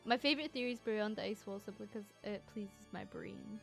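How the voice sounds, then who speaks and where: A Scottish woman with a fairly high voice, chatting loosely on a stream. She rambles from one thought to the next, swears freely and laughs often. Soft music plays faintly behind her. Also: fairly even intonation, measured pace, vocal fry. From Scotland. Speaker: VTuber streamer. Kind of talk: casual livestream chat.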